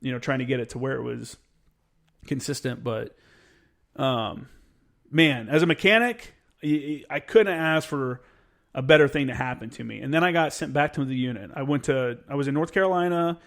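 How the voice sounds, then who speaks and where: A man's voice: moderate pace, creaky. A man in casual podcast conversation, telling military stories with plenty of swearing and acting out other people's lines with sudden jumps in his voice. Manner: profane, animated, acts out others' lines with jumps in pitch. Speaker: Marine veteran podcast guest. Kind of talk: casual storytelling chat.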